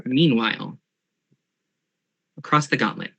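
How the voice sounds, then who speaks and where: A man's voice: medium pitch, expressive, unhurried, creaky, pushed and bright, husky, muffled recording. A man narrating as game master of an online tabletop game, hesitant with many fillers.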